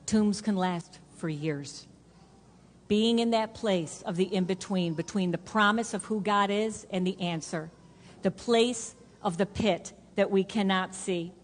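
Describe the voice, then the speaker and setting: A woman's voice: mid-range voice, a little slow. Woman preaching in a reverberant church. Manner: earnest, repetitive preaching cadence that drops to a hush for emphasis. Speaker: pastor. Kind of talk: sermon. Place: church sanctuary. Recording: long hall reverb.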